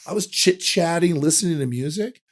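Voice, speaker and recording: A man's voice: fairly high pitch, animated, normal speed. A middle-aged man from California, a guest on a podcast, telling long rambling stories with casual swearing. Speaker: guest, veteran fighter. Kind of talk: casual storytelling.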